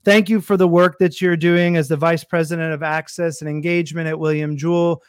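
A man's voice: fairly high pitch, level tone, a little fast, clear, resonant tone. A man hosting a podcast interview, affirming his guest with short murmured responses. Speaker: podcast host.

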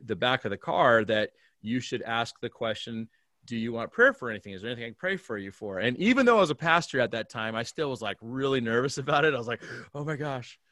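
A man who is a pastor, telling a story in a remote conversation and acting out the dialogue with big swings in pitch and loudness. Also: no room sound, studio quality. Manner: animated storyteller, acts out dialogue with big jumps in pitch and volume. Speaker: pastor, guest.

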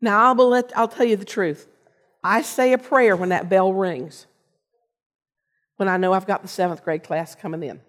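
An older woman giving a personal storytelling sermon, earnest, with pauses and restarts. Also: mid-range voice, steady tone. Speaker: lay preacher and teacher. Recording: long reverb of a large hall.

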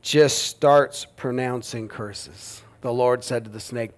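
A man's voice: mid-range voice, a little slow, few pauses. A man preaching a sermon in a casual, joking, conversational way, talking with his audience. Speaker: pastor.

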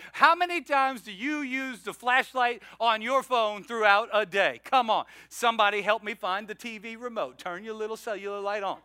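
High-voiced, bright pastor preaching. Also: male voice, clear, resonant tone, dry recording, clean studio sound. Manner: storytelling, animated, self-mocking, with laughs. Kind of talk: sermon. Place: church sanctuary.

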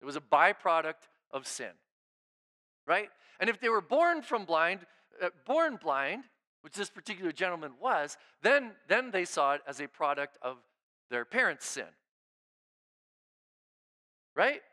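A male pastor delivers a conversational sermon in a relaxed, informal style, his fairly high voice smooth and crisp, a little slow and full of pauses. He constantly checks in with the room with frequent "right?" and keeps restarting his phrases. His delivery swings between emphatic, raised lines and near-hushed asides.

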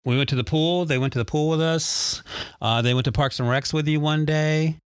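A man's voice: a little high, fairly even intonation, fairly quick, smooth, no room sound. A man hosting a casual family podcast with his young sons, teasing them with dry humor.

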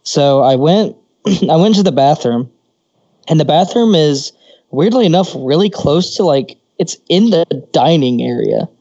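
A man's voice: a little high, animated, a little slow, warm tone, no room sound, dull audio. A man co-hosting a podcast, telling crude stories casually, swearing freely and laughing often. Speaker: podcast co-host.

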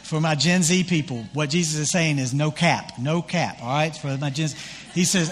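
Man preaching, slightly higher voice. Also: normal speed, slightly rough, big-room sound. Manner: conversational, animated retelling with acted quotes. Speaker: pastor. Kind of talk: sermon.

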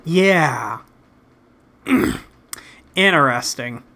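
Bright, lively man co-hosting. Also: medium pitch, drawn-out words. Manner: short reactions and amused agreement. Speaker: podcast co-host. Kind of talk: casual chat.

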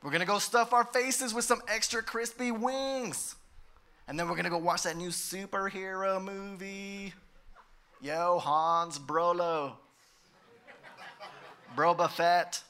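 A man voicing a loud, hyped-up male buddy who talks in slang and laughs while inviting his friends out. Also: high voice, steady tone, slow, long pauses, smooth, heavily acted.

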